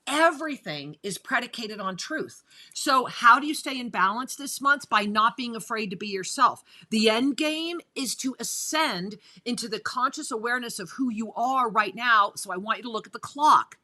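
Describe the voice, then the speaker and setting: A woman's voice: on the high side, lively intonation, moderate pace, few pauses, pushed and bright. A woman hosting a spiritual talk radio show, enthusiastic and speaking straight to her listeners. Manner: enthusiastic, addresses listeners directly. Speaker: host.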